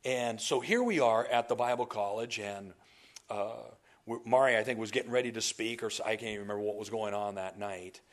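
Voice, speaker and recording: A man preaching a sermon as a pastor. He tells stories with animated asides to the congregation and often restarts his sentences. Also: on the low side, a little fast. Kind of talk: sermon storytelling.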